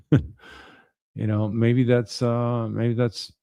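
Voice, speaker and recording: A man's voice: mid-range voice, flat delivery, extremely slow, gravelly, warm tone, clean tone, dry recording. A man commenting as an attorney on trial evidence, talking in a casual, wry, conversational way as he reads out messages and reacts.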